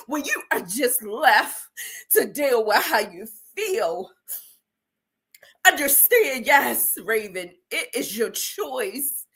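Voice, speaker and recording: A woman's voice: on the high side, sing-song, takes it slowly, a bit bright, slightly rough. A middle-aged woman hosting an inspirational show, speaking in an emotional, preacher-like monologue with repeated phrases, near tears and defiant. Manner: preacher-like repetition, tearful and defiant. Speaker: host.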